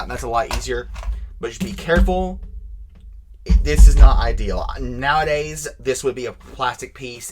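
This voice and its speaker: A man giving a casual, unscripted toy demonstration, rambling and correcting himself as he goes, clearly enthusiastic. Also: mid-range voice, slight background noise. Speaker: toy reviewer.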